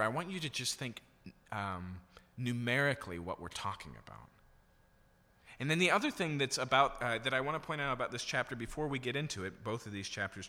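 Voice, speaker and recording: Bright-voiced male pastor in a reverberant hall. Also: mid-range voice. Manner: expository teaching, asks the congregation questions. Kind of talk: sermon.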